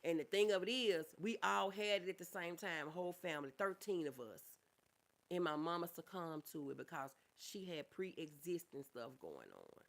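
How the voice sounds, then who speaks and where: Middle-aged woman streamer, chatty and affectionate with viewers, open and gentle about loss. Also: fairly low pitch, sing-song, normal speed. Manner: reads viewer comments aloud and answers them warmly; calls listeners honey and y'all. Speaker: livestreamer. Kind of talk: casual livestream chat.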